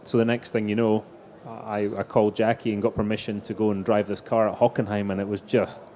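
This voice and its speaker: A man's voice: on the low side, little pitch movement, a little fast, dark tone. A middle-aged man telling anecdotes as a guest in a live stage interview. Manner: anecdotal storytelling, frequent restarts. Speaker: racing driver guest.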